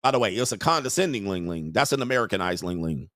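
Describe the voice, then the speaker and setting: A man's voice: lowish voice, lively intonation, quick pace, fairly bright tone, no room sound. Crude, mocking man hosting a rant. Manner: crude, mocking, laughs often. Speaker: show host. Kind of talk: livestream rant.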